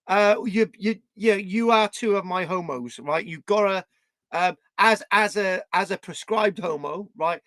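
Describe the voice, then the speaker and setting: A British man records a rambling, scattered casual vlog, swearing and ending lines with "right?". His voice sits high with a sharp tone and a measured pace, and there's no room sound.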